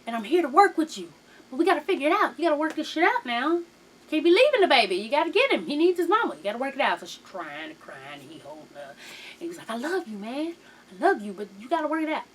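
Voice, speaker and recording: A woman's voice: high voice, very animated, quick pace. A woman recapping a reality show in a casual, sassy, profane gossip style, acting out the people in her story.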